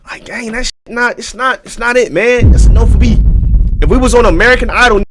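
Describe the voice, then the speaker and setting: A man's voice: very high voice, fast talker. A man streamer reacting live to videos, talking in a loose, slangy and profane way with frequent asides to his viewers.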